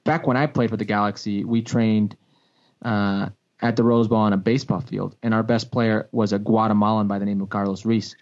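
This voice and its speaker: Animated male sports broadcaster, lo-fi audio. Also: brisk. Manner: animated, swinging pitch, frequent restarts. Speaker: sports broadcaster and former pro soccer player. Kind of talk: casual podcast storytelling. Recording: dull lo-fi podcast audio.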